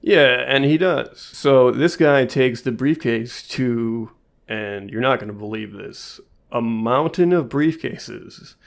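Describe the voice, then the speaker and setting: A man co-hosting a podcast, chatting casually and dropping quick, dry jokes. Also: mid-range voice, vocal fry. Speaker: podcast co-host. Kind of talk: casual chat.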